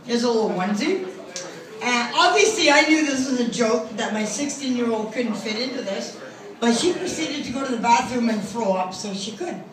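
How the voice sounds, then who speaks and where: A woman's voice: high-pitched, far from the mic. A middle-aged woman doing a crude, self-mocking stand-up set, recorded from the audience in a club. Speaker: stand-up comedian. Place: comedy club stage. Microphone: phone recording from the audience. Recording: echoey club from afar, crowd. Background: audience laughter.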